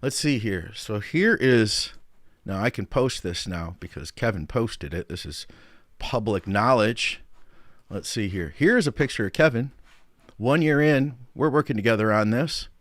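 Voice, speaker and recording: A fairly low-voiced, middle-aged American man chats through a live stream, reading out viewer comments and greeting people by name. His delivery is upbeat and easygoing. The sound is dry and close to the mic. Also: expressive, a little slow, dry recording. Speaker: podcast host and coach. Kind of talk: casual live-stream chat.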